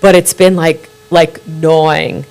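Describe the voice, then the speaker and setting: A woman who reads tarot, a guest on a live studio talk show, telling anecdotes in a lively way, acting out quoted dialogue and swearing freely. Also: deep voice, slow pace. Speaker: tarot card reader, guest.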